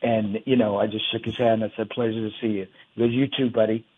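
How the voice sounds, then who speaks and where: A man calling in to a radio show, telling a story in a rambling, halting way over a phone line. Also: fairly low pitch, level tone. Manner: rambling, halting, many restarts. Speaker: caller.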